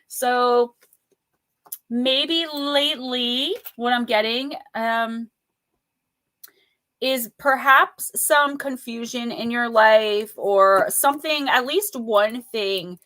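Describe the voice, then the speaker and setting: Bright-voiced chatty woman reading oracle cards. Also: fairly high pitch, takes it slowly. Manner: chatty, playful, reads card texts aloud, greets viewers by name. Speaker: livestream oracle card reader. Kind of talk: casual live-stream card reading.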